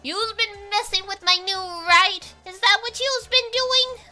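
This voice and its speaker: A woman puts on a brash male con man with a put-on Brooklyn accent, all bluster and threats. The voice sits high and bright. It swings wildly in pitch and runs loud. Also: unhurried, faint music behind, full character voice. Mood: accusing.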